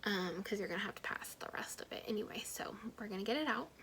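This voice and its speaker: A young woman, a mom vlogger, telling her own story to camera in a soft, half-whispered, candid way, with many ums and likes. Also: mid-range voice, lively intonation, quick pace, low-quality recording.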